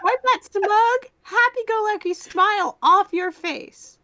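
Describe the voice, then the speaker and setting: A woman voicing a spiteful young female villain spirit, taunting in a venomous, drawn-out way while reading game dialogue aloud. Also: very high-pitched, heavy background noise.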